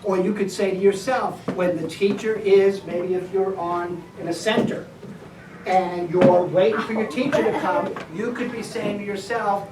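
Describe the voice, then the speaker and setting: A woman's voice: medium pitch, fairly even intonation, normal speed. A woman teacher leading a classroom behavior lesson, giving directive step-by-step instructions. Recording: echoey room, distant mic, background noise.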